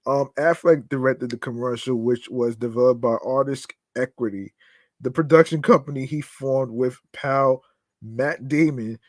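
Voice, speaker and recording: A man's voice: medium pitch, steady tone, moderate pace, no echo, studio quality. A man hosting a podcast, reading news stories aloud with casual commentary, swearing freely, laughing at his own asides and stumbling over words as he reads. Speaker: podcast host.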